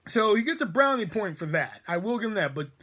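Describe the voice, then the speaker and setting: A man with a noticeably high-pitched voice tells a long story in a loose, rambling way. He swears constantly and leans hard on his words for emphasis. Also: sing-song, brisk, a bit bright. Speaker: storytime vlogger. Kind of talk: casual storytelling rant.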